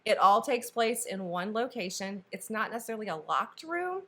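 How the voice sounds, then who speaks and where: A woman's voice: medium pitch, sing-song, moderate pace, bright, forceful tone. A woman co-hosting a book review, casually retelling a story and acting out characters' lines.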